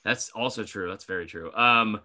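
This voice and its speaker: A young man co-hosting a sports podcast, talking in an animated, casual way with frequent swearing and laughter. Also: lowish voice, moderate pace. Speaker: podcast co-host. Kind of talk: casual chat.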